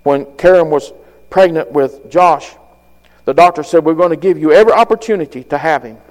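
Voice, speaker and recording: A man delivers a fervent sermon in a high voice, folksy and plain-spoken. He swells louder and higher on the key phrases. The sound carries a long hall reverb. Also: a little fast. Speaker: preacher.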